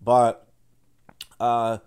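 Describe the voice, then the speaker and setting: A man's voice: mid-range voice, completely flat delivery, very slow, darkish tone, smooth. A man hosting a podcast, talking in a loose, rambling monologue full of fillers and restarts, acting out other people's words as he goes. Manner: acts out others' words in quoted asides. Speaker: podcast host. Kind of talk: casual monologue commentary.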